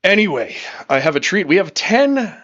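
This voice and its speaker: A man's voice: high voice, big pitch swings, moderate pace, a bit bright, dry recording, dull audio. A man hosting a casual livestream, upbeat and rambling, reading chat comments and swearing freely. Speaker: livestream host.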